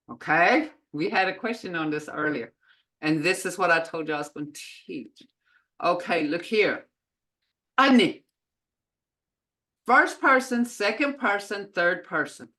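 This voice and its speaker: A woman teaching a beginner language class over a video call, slowly sounding out each syllable for her students. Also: medium pitch, fairly bright tone. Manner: slow, deliberate, sounding out syllables.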